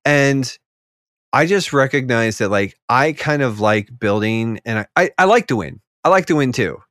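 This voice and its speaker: A man co-hosting a podcast in casual chat, animated and rambling, mocking other players in quick quoted asides. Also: mid-range voice, dry recording, studio quality. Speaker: podcast co-host.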